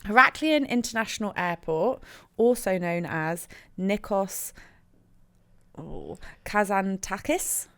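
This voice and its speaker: A woman's voice: mid-range voice, takes it slowly, fairly bright tone. Brief: West Country woman, casual podcast co-host, giggly, swears freely, reads facts aloud. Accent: West Country English. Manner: laughing, swearing, reading out facts. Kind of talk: casual chat.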